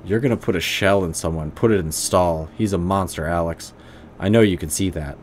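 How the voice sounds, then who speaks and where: A man's voice: deep voice, brisk, slight background noise, natural voice. A man voicing a weary, blunt middle-aged uncle, speaking earnestly. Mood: pleading.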